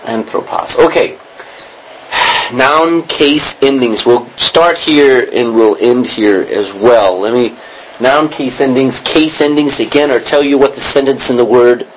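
This Greek teacher delivers a classroom lecture, explaining things in a roundabout way and checking in with his students. His voice is medium-pitched and measured, on a rough recording with slight background noise.

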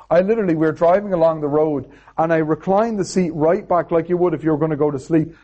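A man preaches a sermon, telling a personal story in a chatty way and constantly checking in with "okay?". His voice is warm and a little high.

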